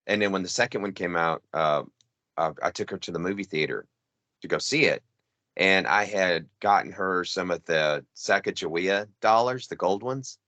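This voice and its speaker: Rambling storyteller dad, dry close sound. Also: male voice, sits low, normal speed, pushed and bright, dry recording. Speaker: podcast co-host. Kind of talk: casual chat.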